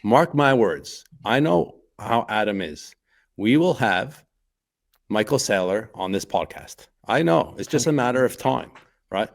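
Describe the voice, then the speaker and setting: A man's voice: on the low side, expressive, unhurried, vocal fry. A man co-hosting a podcast, talking casually with eager, repeated emphasis. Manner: enthusiastic, repetitive emphasis. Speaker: podcast co-host.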